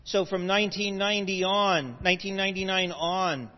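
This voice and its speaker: Guy with a high voice giving a lecture, stops to fix himself, dull muffled sound. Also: fairly even intonation, normal speed. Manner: explanatory, with asides and self-corrections. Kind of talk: lecture to a live audience. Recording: dull lo-fi audio with long hall reverb.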